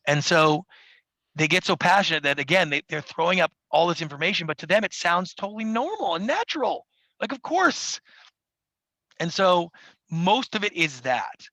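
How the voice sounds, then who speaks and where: A man who is a podcast guest and TV producer, talking animatedly and acting out quoted people in quick voices. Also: high voice, lively intonation, pushed and bright, no echo, poor audio. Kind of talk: animated interview talk. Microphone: studio mic.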